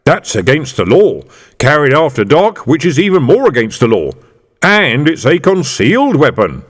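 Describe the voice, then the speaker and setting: A man reading an audiobook aloud, voicing a gruff, streetwise middle-aged police sergeant with dry, mock-official copper talk. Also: fairly high pitch, wildly swooping pitch, normal speed, voice pushed up. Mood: mock-formal. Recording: reverberant room.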